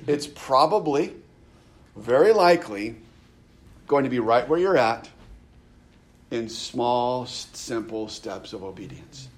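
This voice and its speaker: A man's voice: medium pitch, expressive, slow, pauses often. A male pastor preaching a sermon in a conversational way, with frequent restarts, who reads scripture aloud with rising emphasis. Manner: conversational preaching, many restarts and stammered repeats.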